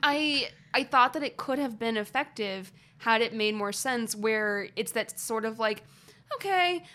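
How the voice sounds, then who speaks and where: A woman co-hosting a podcast in casual chat, easygoing and agreeable with quick asides. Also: fairly high pitch, steady tone, sharp tone. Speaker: podcast co-host.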